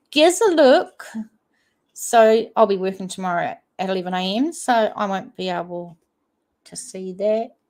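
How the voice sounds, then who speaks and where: A woman from New Zealand with a New Zealand accent, hosting a casual livestream chat and reading viewer comments aloud. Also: medium pitch. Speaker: livestream host.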